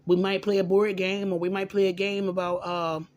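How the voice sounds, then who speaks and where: A man's voice: high-pitched, flat delivery, moderate pace, lo-fi sound. A man vlogging in a casual personal monologue into a phone, rambling with frequent restarts and repeated words.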